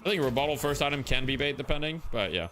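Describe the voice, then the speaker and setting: A man's voice: medium pitch, lively intonation, fast talker, sharp tone. Joking male stream commentator with music behind. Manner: joking, loose, swears now and then. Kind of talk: casual live game commentary.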